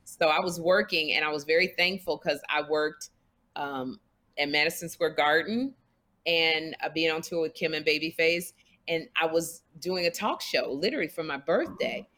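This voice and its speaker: A woman co-hosting a casual chat, telling a personal story with slow, drawn-out emphasis. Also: deep voice, fairly bright tone. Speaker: co-host.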